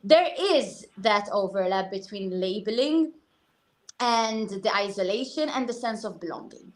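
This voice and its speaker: A woman guest talking candidly and earnestly on a talk show, telling stories with animated asides. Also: medium pitch, measured pace. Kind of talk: casual talk-show conversation.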